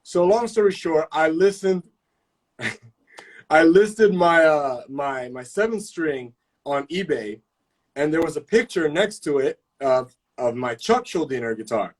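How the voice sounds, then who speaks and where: A man's voice: a little high, measured pace. Profane, fired-up man telling stories. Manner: profane, animated storytelling with slang. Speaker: host of live chat. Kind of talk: casual live-stream chat.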